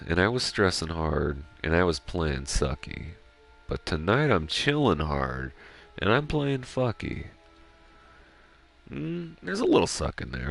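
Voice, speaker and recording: Rambling gamer guy with an extremely low, gravelly voice, swears a lot, casual stream talk. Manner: rambling, swears freely, self-reflective. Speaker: gaming streamer. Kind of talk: casual chat while playing.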